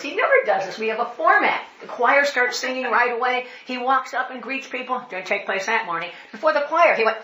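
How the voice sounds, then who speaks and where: Animated older woman telling church stories. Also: mid-range voice, fairly quick. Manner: animated, laughing, acts out quoted voices. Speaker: speaker at a women's church conference. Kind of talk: storytelling talk with humor. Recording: echoey hall, faint noise.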